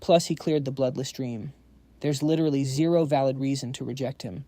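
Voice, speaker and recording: A man voicing a scheming old head elder, smooth and sarcastic. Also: mid-range voice, steady tone, fairly quick, mellow, dry recording, lightly acted. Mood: sly.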